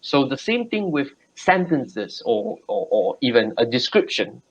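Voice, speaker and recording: A man's voice: mid-range voice, sing-song, measured pace, dull audio. A man tutoring English over a video call, explaining patiently with examples and frequent restarts. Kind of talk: casual video call lesson.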